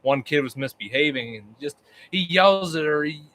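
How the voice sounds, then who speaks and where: A man chatting casually as a guest, animated and full of interjections. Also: fairly high pitch, moderate pace. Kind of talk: casual chat.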